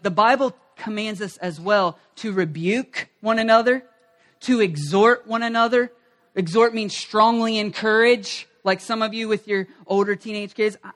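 Energetic pastor leading a call-and-response. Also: medium pitch. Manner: energetic, repeats key phrases, leads congregation in call-and-response. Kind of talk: sermon. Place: church service.

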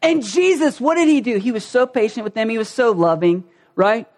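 A pastor preaching a conversational sermon in a folksy, animated way, acting out little scenes. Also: mid-range voice, brisk.

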